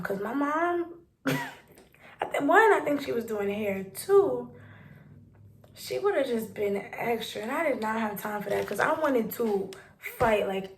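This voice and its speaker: A young adult woman from New City, casually telling a rambling, animated story to her vlog viewers. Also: a little high, slight background noise. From New York City. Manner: animated, rambling retelling with quoted dialogue. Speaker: vlogger.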